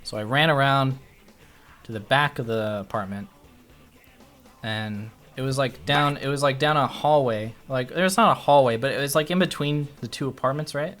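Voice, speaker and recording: A man's voice: mid-range voice, moderate pace, fairly bright tone, soft background music. Rambling, foul-mouthed male streamer. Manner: rambling, profane, self-interrupting. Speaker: livestreamer. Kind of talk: casual storytelling.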